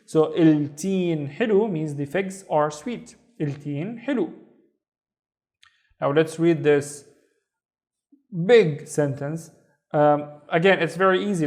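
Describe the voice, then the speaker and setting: Guy teaching beginners to read, kinda high voice, goes slow syllable by syllable. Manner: patient, spells words out slowly syllable by syllable. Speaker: Arabic teacher. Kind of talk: beginner reading lesson.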